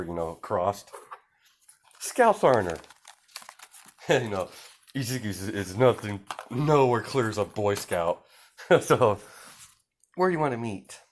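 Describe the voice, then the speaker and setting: A man's voice: fairly low pitch, a little hiss or hum. A young man improvising a fan fiction story, rambling with many fillers and restarts.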